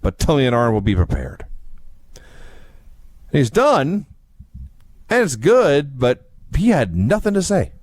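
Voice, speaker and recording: A man's voice: mid-range voice, wildly swooping pitch, takes it slowly, pauses often, a little mellow. A man co-hosting a casual review podcast, retelling old wrestling segments in a dry, wry storytelling manner.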